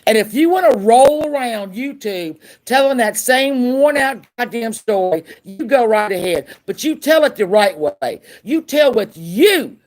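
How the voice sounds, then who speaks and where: A woman's voice: fairly high pitch, animated, a little slow, hardly any pauses, a little mellow. A woman ranting on a livestream in an angry, profane, confrontational way, repeating lines for emphasis. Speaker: YouTuber. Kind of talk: livestream rant.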